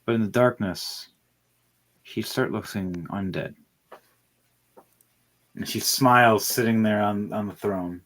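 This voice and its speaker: A young man narrating a tabletop game as game master, swearing freely and excitedly restarting his sentences. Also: on the low side, slow pace, long pauses.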